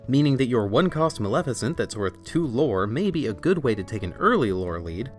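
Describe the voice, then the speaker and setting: A young man hosting a scripted, comedic review with a sarcastic, irreverent delivery. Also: medium pitch. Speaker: video essay host.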